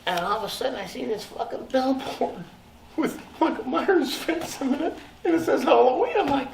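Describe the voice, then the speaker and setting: A man tells stories in a loose, swearing, animated way, his pitch swinging widely as he laughs along. He sits well back from the microphone in an echoey room, with a faint hiss underneath. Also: normal speed, vocal fry. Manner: profane, animated, laughs often. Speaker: interviewed actor. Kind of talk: casual storytelling interview. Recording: echoey room, distant mic, faint noise.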